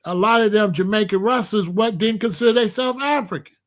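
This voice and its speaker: A man's voice: sits high, brisk, hardly any pauses. A man from Chicago hosting a blunt, profane commentary rant. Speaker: host.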